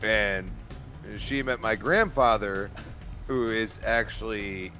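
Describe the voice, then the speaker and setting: A man's voice: fairly low pitch, slow, soft background music. A man co-hosting a casual podcast chat, telling rambling family stories with many restarts. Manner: rambling animated storyteller, many restarts and laughs. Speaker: podcast co-host.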